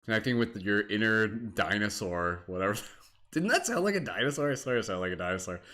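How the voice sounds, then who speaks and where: A man's voice: lowish voice, animated, brisk, sharp tone. A young Canadian man hosting a live-streamed guided meditation, chatty and giggly, with many fillers. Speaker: meditation host.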